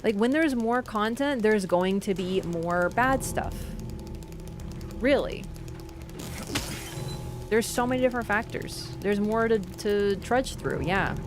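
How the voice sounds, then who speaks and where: Streaming a game live with game music playing, a woman reads chat and comments on gameplay, voicing strong opinions directly to viewers and yelping loudly without warning at the screen. She has a medium pitch, talks slowly, and leaves long pauses.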